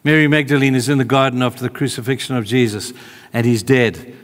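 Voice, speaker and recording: Man preaching, mid-pitched voice, long reverb, chatty, emphatic then hushed. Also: steady tone, fast talker. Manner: conversational, swings between emphatic calls and hushed tenderness. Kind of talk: sermon.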